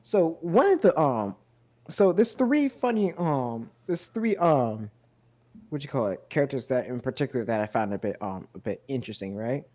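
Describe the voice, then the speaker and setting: A man's voice: mid-range voice, big pitch swings, normal speed, darkish tone. Hesitant young man full of ums. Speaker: podcast guest. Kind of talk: casual chat.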